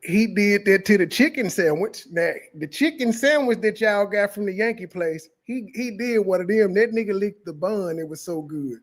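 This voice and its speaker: A man's voice: high-pitched, normal speed, few pauses. A man hosting a reaction channel, mocking a clip in blunt, profane commentary. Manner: mocking, blunt, heavy cursing.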